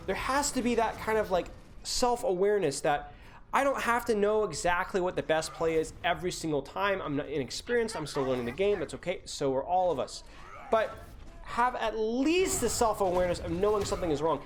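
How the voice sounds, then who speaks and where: A young woman coaching over a live-streamed gameplay review, ranting and exasperated, hammering her points home by repeating them. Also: medium pitch.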